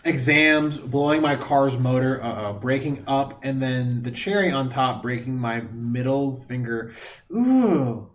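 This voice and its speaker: A man's voice: mid-range voice, fairly even intonation, a little slow, hardly any pauses, a bit bright, slight background noise. A man live-streaming from home into a desk microphone, rambling casually to his chat and laughing often.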